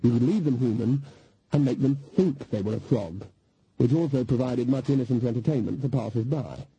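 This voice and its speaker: A man reading an audiobook in scripted narration, with a wry, measured storytelling manner. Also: mid-range voice, warm tone, highs cut off, a little hiss or hum.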